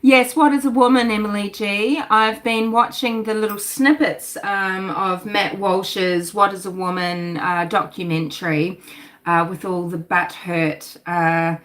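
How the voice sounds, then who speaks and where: A woman's voice: medium pitch, fairly even intonation, measured pace, fairly bright tone. A middle-aged woman, hosting a casual livestream, talking animatedly, swearing and reading out chat comments. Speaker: livestream host.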